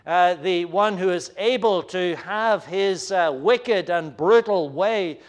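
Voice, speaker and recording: A man preaching a sermon in an earnest, searching way, often pausing and hesitating. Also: sits high.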